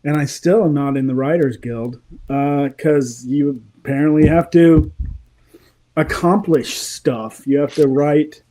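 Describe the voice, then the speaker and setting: A middle-aged man with a fairly high but mellow voice tells stories in a loose, rambling way. He chuckles now and then and keeps the chat relaxed and easygoing. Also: measured pace. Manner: rambling and anecdotal, chuckling often. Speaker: guest, voice actor and comedy writer. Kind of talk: casual chat, telling stories.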